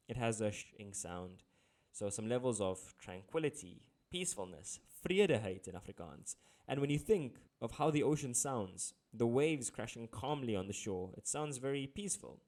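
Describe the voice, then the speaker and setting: A man's voice: medium pitch, a little mellow. Playful male tutor. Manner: playful, jokey asides, chatty. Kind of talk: casual exam-prep lesson.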